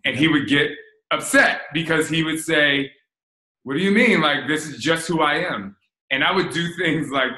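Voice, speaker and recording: A man's voice: mid-range voice, echoey room, poor audio. A man in his forties from New Jersey, hosting a casual chat and candidly telling stories from his relationship. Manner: candid, animated storyteller. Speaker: host.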